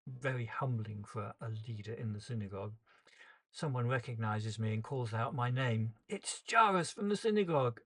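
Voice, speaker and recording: Earnest man telling a dramatic first-person monologue. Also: mid-range voice. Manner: earnest, emotional, shifts pace with the tension. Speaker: storyteller.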